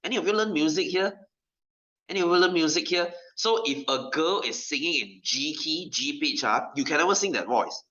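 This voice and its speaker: A man's voice: fairly high pitch, animated, normal speed, pushed and bright. A male science teacher, lecturing a class in a chatty way, often checking understanding and adding local particles like "lah". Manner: chatty, keeps checking understanding with "right?" and "okay?". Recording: dull lo-fi recording.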